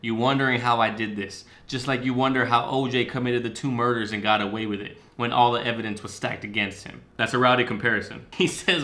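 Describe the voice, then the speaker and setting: A man hosting a reaction video, excitedly and profanely breaking down rap lyrics line by line. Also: mid-range voice, brisk, few pauses. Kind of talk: casual commentary.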